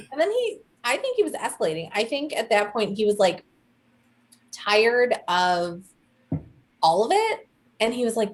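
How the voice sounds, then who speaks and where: A young woman co-hosting a casual chat, telling a story with animated quoted voices. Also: a little high, a little slow, long pauses. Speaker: podcast co-host.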